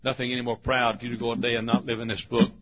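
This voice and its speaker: A man preaching a folksy storytelling sermon, dropping to hushed tones and rising again, on a lo-fi recording. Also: mid-range voice, level tone, rapid-fire, slight background noise. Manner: folksy, swings from hushed to loud.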